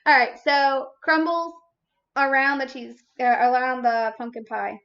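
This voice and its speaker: An American woman hosts a baking livestream, chatting casually as she bakes, with sassy, playful teasing and casual swearing. Her voice sits high with little pitch movement, her pace is measured, and the tone is a bit bright on a lo-fi recording.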